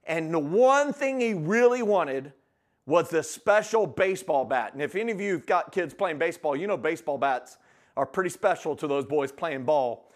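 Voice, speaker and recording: A man preaching a sermon in an energetic, emphatic way. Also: a little high, moderate pace. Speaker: guest preacher.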